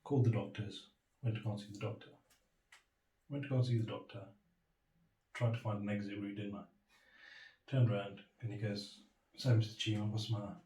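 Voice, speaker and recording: A man's voice: lowish voice, steady tone, a little fast, long pauses, dark tone. A young British man telling his personal story in an interview, reflective and candid, acting out the dialogue he remembers in quoted voices. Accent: British English. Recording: echoey room, voice from a distance.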